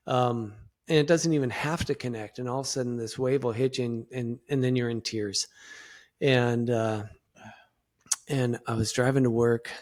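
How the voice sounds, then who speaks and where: A middle-aged man talks as a podcast guest in a plain, mid-pitched voice. He speaks reflectively and haltingly, restarting his sentences often as he works through his thoughts. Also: darkish tone. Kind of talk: conversational interview.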